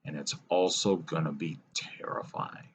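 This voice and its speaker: A man giving a solo opinion monologue, earnest and lecturing, pausing and sighing as he talks. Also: rumbling low, fairly even intonation, slight background noise. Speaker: political commentator.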